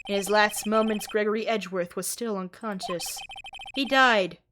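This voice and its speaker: A woman's voice: medium pitch, moderate pace, fairly bright tone, a little hiss or hum, natural voice. A woman voicing an arrogant older male prosecutor who bellows with theatrical rage. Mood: cold confessing.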